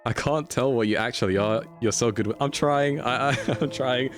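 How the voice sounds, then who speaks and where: A man's voice: mid-range voice, moderate pace, music in the background. A man streaming a video game, chatty and playful, laughing often as he talks to his chat. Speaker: livestreamer.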